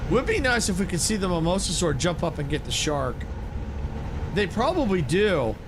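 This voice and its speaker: A man giving casual, excitable commentary while playing a video game, exclaiming and laughing often. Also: sits high, moderate pace, background noise. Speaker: gaming streamer.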